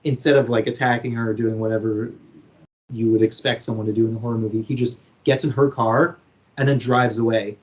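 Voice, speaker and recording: A man co-hosting a podcast, casually retelling a film plot with lively acted-out quotes. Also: medium pitch, a little fast. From Canada. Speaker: podcast co-host. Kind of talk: casual chat.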